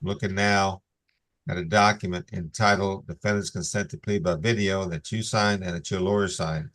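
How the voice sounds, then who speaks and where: Male judge on a video-call hearing; lowish voice, steady and formal, reads plea warnings. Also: moderate pace.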